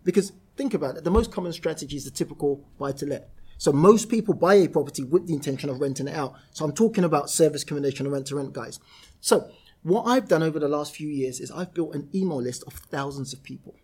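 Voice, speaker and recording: A British man speaking as a podcast guest, his voice sitting a little higher than most men's. He talks in an animated, storytelling way, slipping into quoted voices as he goes. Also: quick pace, slightly rough. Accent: British English. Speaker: property entrepreneur guest. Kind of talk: podcast interview.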